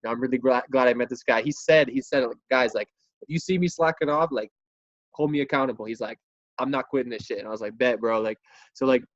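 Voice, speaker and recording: A man's voice: mid-range voice, fast, no echo. A man hosting a group video call, giving encouraging motivational talk in casual slang. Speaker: call host. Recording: dull, dry video call audio.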